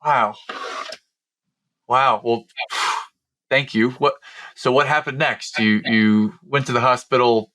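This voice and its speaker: Man, podcast host, bright tone, curious halting questions. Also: mid-range voice, steady tone. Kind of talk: interview conversation.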